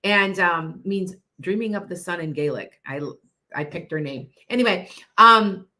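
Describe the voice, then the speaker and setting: Middle-aged lady psychic chatting on a stream, bright voice, all over the place. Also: on the low side. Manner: rambling, jumps between thoughts, many restarts. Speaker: psychic host answering viewers. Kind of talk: casual livestream chat.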